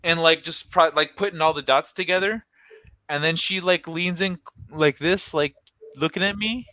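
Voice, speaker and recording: A man's voice: fairly high pitch, moderate pace, pushed and bright, no room sound. A young man co-hosting a casual chat, telling a long story in a rambling way full of "like" and restarts, with a casual curse here and there. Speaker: podcast co-host.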